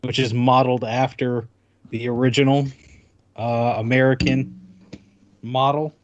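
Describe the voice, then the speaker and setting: A man's voice: mid-range voice, level tone, a little slow, dry recording, dull audio. A man co-hosting a podcast in casual chat, rambling with many restarts. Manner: rambling, full of restarts while showing off a console. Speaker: podcast co-host.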